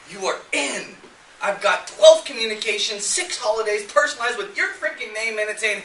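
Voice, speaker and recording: A high, bright-voiced man gives an animated seminar talk, getting fired up and firing questions at the room. He is picked up from a distance in an echoey seminar room, with a faint hum of ambience behind him. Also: normal speed. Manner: animated, gets fired up, quizzes the audience. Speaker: sales seminar presenter. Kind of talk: lively seminar talk to a live audience.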